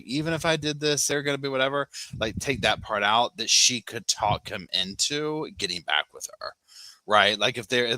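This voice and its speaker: A man sits talking over a case in loose, rambling commentary. His voice is lowish but very bright and forward. The sound is dry and close, with no room around it. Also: no echo, poor audio. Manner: rambling, filler-heavy. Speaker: true crime commentator. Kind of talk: casual commentary.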